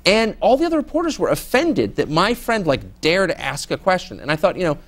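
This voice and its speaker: Fielding questions from students, a middle-aged journalist responds with candor and sarcasm, putting on mock voices to imitate people. He talks fairly quickly in a high, sing-song voice.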